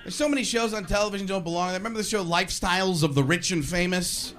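A male stand-up comedian telling animated, sarcastic stories on a club stage. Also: high-pitched, fast talker. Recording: live club with audience laughter.

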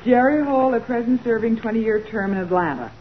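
A cheerful, efficient young secretary, played by a woman. Her voice moves lively in pitch. It comes through a narrow old radio broadcast with a faint hiss. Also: fairly quick, natural voice. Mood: businesslike. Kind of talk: 1940s radio acting.

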